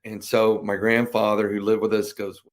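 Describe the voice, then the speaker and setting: Lower-voiced man telling stories. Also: normal speed. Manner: lively storyteller with many fillers. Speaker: guest, veteran and business owner. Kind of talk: casual interview storytelling.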